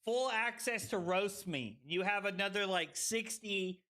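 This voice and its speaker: A tipsy man streaming a card game, excitable and profane, bursting between loud shouts and low muttering as he banters with chat. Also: unhurried, music in the background.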